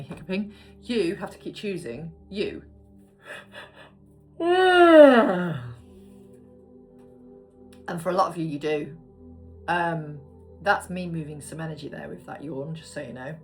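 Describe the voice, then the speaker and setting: Low-voiced woman reading tarot. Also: normal speed, faint music behind. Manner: chatty, swears casually, murmurs card names. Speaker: tarot reader. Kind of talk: casual tarot card reading.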